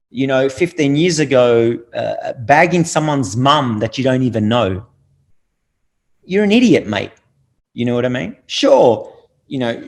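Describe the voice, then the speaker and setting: A middle-aged man holds forth in a casual podcast conversation. He talks bluntly and preachily and swears freely. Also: medium pitch. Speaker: podcast guest.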